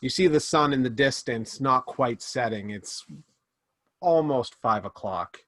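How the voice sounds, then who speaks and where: A man running a tabletop game as game master, narrating scenes with quick restarts and fillers. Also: mid-range voice, expressive, fairly bright tone, dry recording.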